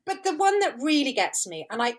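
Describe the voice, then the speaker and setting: A woman with a high voice rants in mock exasperation as a podcast guest. Her pitch leaps and swoops as she builds each comic complaint. The chat stays casual and full of laughter. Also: a little fast. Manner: animated, exasperated ranting with mock indignation.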